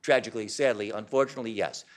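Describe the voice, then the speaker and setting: Fast-talking man giving an emphatic lecture. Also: fairly low pitch, steady tone. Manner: emphatic, insistent. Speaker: author giving a public talk. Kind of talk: public lecture to an audience. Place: hall with a live audience.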